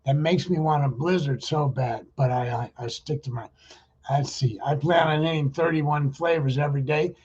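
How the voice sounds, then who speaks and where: Husky, mellow-voiced man leading meditation. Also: on the high side, normal speed, dull audio. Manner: rambling, chatty, with fillers and restarts. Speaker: meditation group leader. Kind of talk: casual chat and guided loving-kindness meditation.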